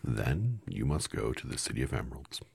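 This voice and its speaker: A man with a low, husky, gravelly voice reading aloud and voicing a gentle little old woman who is a kind witch, speaking softly and solemnly, at times in a whisper. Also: very animated, fairly quick, no echo, full character voice. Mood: kindly.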